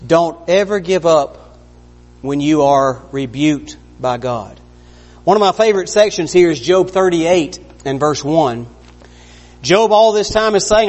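A man's voice: fairly high pitch, a little slow. A man preaching an earnest, conversational sermon, acting out the lines he quotes. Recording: long reverb of a large hall.

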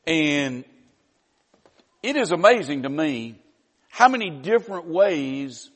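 A man's voice: on the high side, big pitch swings, takes it slowly. A man preaching a sermon, teaching in a conversational way with wry asides. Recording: long reverb of a large hall.

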